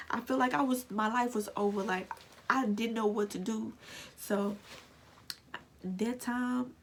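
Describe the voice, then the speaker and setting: A woman's voice: on the high side, steady tone, a little slow, long pauses. A young woman telling an earnest, emotional personal story in a vlog. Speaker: lash technician vlogger.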